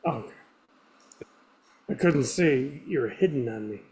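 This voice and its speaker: A man's voice: mid-range voice, animated, measured pace, a little mellow, breathy edge. A man who produces the show, joking and teasing his sister on a casual group video call.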